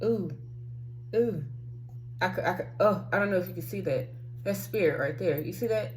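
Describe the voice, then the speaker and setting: A woman's voice: lowish voice, fast talker, slight background noise, rough recording. A woman hosting a spiritual self-help talk, preaching emphatically with frequent swearing and sudden outbursts.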